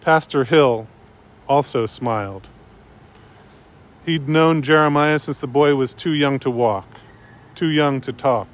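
A man narrating a story in a measured, unhurried way. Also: medium pitch. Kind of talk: story reading.

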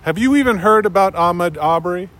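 A man's voice: high-pitched, quick pace, a bit bright, slight background noise, pitched above the performer's own voice. A man voicing a sixteen-year-old boy who challenges his pastor a little bitterly. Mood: challenging.

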